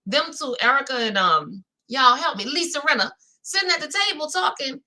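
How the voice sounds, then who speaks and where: Bright-voiced New Orleans woman. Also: high voice, a little fast, rough recording. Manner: animated, talks straight to viewers, reads out chat comments. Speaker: reality-show recap host. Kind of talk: chatty live-stream recap.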